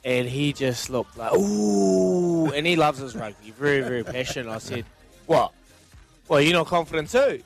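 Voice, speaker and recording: A man on breakfast radio telling an animated anecdote and acting out the quotes in it. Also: a little high, moderate pace, vocal fry, faint music behind. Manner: animated storyteller who acts out quotes. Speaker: radio panelist. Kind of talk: casual breakfast radio banter.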